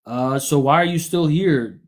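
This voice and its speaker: Male streamer from the US, combative and mocking, voice sits a bit high; heated live call-in argument. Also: unhurried. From United States. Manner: combative, mocking, talks over callers. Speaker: livestream host.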